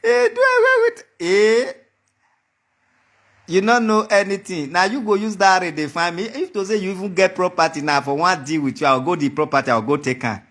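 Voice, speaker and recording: High-voiced taunting Nigerian man. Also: a little fast, fairly bright tone. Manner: taunting and mocking, repeats his threats. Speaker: vlogger. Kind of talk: heated monologue to the camera.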